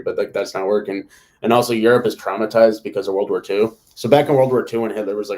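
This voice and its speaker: A man's voice: fairly low pitch, steady tone, quick pace, a little mellow. A man hosting a casual live discussion, talking in a rambling way and filling his sentences with "like" and "you know.". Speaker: host.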